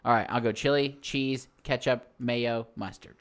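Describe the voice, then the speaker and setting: A man's voice: medium pitch, fairly even intonation, normal speed. Easygoing man co-hosting a podcast. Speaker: podcast co-host. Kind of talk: casual chat reviewing a TV episode.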